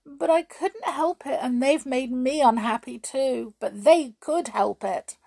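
A woman's voice: sits high, a little slow, creaky, dark tone, voice pushed up, exaggerated voice. A woman voicing a sad little male terrier dog who laments plaintively. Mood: sorrowful. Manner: plaintive, self-pitying lament.

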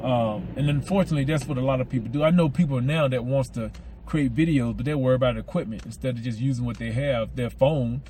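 A podcast host with a Southern American accent rambles through a casual solo monologue, repeating words and lisping slightly because of mouth aligners. His medium-pitched voice is quick and dark-toned, with slight background noise.

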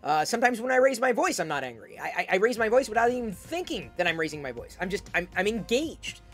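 A woman's voice: mid-range voice, big pitch swings, fast talker, faint music behind. A woman giving an intense, emphatic advice monologue, often repeating words as she starts a sentence. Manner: loud and projecting.

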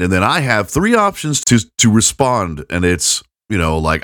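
A middle-aged man with a very low voice tells a long, rambling story, mocking himself and laughing along. It sounds dry and close, with no room around him. He is a podcast host talking casually. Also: expressive, moderate pace, few pauses, a bit bright, dry recording.

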